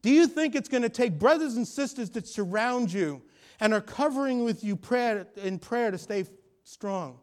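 A middle-aged man preaching a sermon, telling a personal story and rising to loud, emphatic peaks. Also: very high voice, animated, moderate pace. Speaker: pastor.

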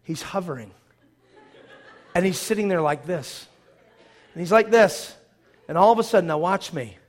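A man preaching a sermon with a high voice, retelling a movie scene by scene. He acts out the action as he goes and breaks into sudden loud bursts. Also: normal speed.

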